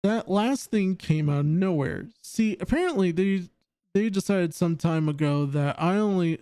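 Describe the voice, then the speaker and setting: Male livestream host with a mellow voice and a somewhat high pitch. Halting delivery, dry sound. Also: lively intonation, smooth, dry recording. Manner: halting, with frequent restarts. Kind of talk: reading a post aloud and commenting.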